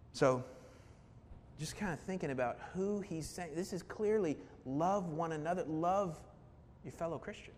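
Male pastor, a touch high-pitched, earnest sermon delivery, long hall echo. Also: darkish tone. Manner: earnest, building emphasis with repetition and rhetorical questions. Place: church sanctuary. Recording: reverberant hall with faint rumble.

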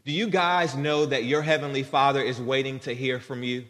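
A man's voice: mid-range voice, steady tone, moderate pace, a bit bright. A man preaching a sermon to a congregation, earnest and conversational, speaking directly to them. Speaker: guest preacher. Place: church sanctuary. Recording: long hall reverb.

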